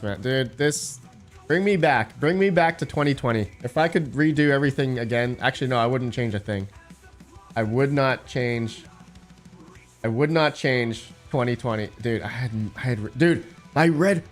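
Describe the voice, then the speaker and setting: A man hosting a casual live stream, rambling as he thinks aloud and answers his chat. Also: medium pitch.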